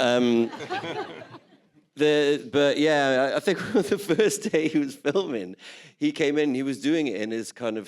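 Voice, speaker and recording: Easygoing man with a low voice. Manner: laughing, easygoing storyteller. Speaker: actor guest. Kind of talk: casual anecdotes in a press Q&A.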